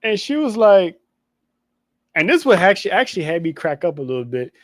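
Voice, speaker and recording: Animated man recapping wrestling. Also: high voice, a little fast, no echo, studio quality. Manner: animated storytelling, acts out quotes, laughs often. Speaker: podcast co-host. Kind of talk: casual wrestling recap chat.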